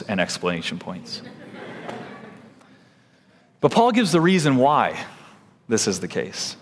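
A man preaching a sermon, animated and emphatic, his pitch swinging widely as he stresses points. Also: long reverb tail. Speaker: pastor.

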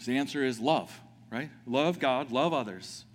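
A man's voice: mid-range voice, unhurried. A man preaching a sermon as a pastor, conversational, with frequent restarts and questions to the congregation. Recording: reverberant hall.

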